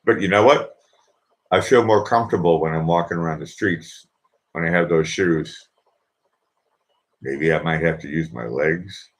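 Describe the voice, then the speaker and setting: Deep-voiced Boston man rambling on a livestream. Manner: chatty, joking, meandering with many fillers. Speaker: livestream host. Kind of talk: casual rambling monologue. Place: indoors in Vienna.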